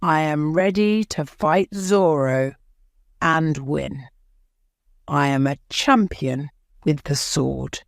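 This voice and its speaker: A woman's voice: low-pitched, slow, gravelly, no room sound, clean studio sound, exaggerated voice. A woman voicing a boastful, greedy male army sergeant in an audiobook, blustering as she speaks. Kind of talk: audiobook character voice.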